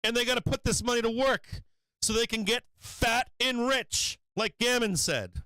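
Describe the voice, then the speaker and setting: A man's voice: very high-pitched, moderate pace, pushed and bright, clear, resonant tone, no room sound. A man hosting a stock market live stream, giving heated, profane commentary in an emphatic, fired-up way.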